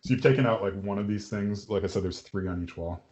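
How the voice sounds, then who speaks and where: A man's voice: fairly low pitch, quick pace, heavy background noise. A man running a tabletop game as game master, describing scenes loosely with many fillers.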